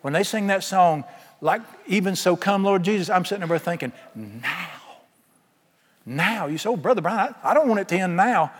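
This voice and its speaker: Folksy preacher in a reverberant hall. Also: male voice, high-pitched, animated, moderate pace, fairly bright tone. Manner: folksy storytelling, acts out quoted dialogue. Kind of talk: sermon.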